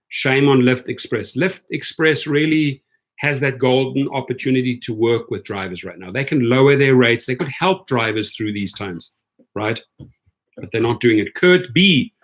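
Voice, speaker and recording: A man hosting a casual livestream for gig drivers, chatty and excitable, reading viewer comments aloud. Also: mid-range voice.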